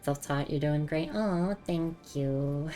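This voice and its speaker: Woman, Australian accent, young adult, casual game streamer, chatty, stammers, very low voice, faint background music. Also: takes it slowly, warm tone. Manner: chatty and stammering, often repeats words. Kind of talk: casual live game commentary.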